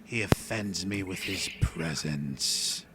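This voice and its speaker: A man voicing an ancient, monstrous spider ruler who speaks in a slow, disdainful, hushed whisper. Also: sits low, crowd noise. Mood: menacing. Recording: steady background noise.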